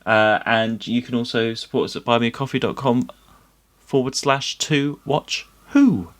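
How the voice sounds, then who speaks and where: A man's voice: medium pitch, normal speed. A man hosting a podcast in casual chat, easygoing as he wraps up the episode. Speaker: podcast host.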